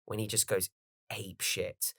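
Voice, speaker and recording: Animated swearing male podcast host. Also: lowish voice, unhurried, no echo, clean studio sound. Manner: animated, swearing, fan enthusiasm. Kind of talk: casual chat.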